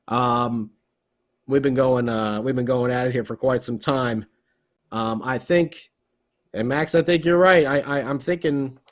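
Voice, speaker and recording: A man co-hosting a casual hockey podcast, jokey and excitable, laughing often as he chats. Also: mid-range voice. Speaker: podcast co-host.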